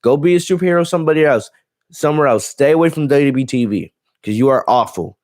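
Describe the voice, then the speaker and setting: A man's voice: a little high, lively intonation, fast talker, a little mellow, no room sound, clean studio sound. Blunt, profane man hosting a wrestling stream. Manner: blunt, profane, ranting, reads chat aloud. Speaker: wrestling show host. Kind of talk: casual live-stream commentary.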